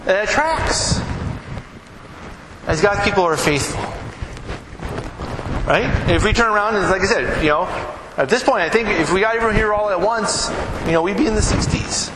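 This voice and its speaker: A man's voice: sits high, normal speed, pauses often. A male pastor giving a conversational sermon in a church, acting out quoted exchanges with emphatic rising peaks. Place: church sanctuary. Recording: echoey hall, background noise.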